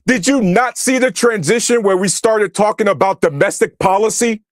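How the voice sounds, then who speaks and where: High-voiced young man ranting angrily. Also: moderate pace, no echo, clean studio sound. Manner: angry, profane, shouting at chat. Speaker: streamer reacting to chat. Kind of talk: heated political livestream rant.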